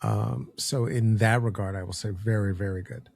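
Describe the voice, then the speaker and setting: A man co-hosting a podcast, speaking in a halting, thoughtful way with many fillers and restarts. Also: fairly low pitch, steady tone, creaky, darkish tone, no echo. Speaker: podcast co-host. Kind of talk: casual podcast conversation.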